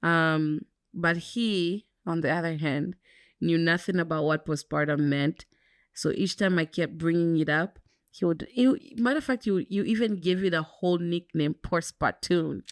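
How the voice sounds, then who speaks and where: Low-voiced woman chatting candidly. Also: normal speed, dry recording, clean studio sound. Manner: candid, reflective, fillers like "um" and "like". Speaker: podcast co-host. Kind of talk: casual chat.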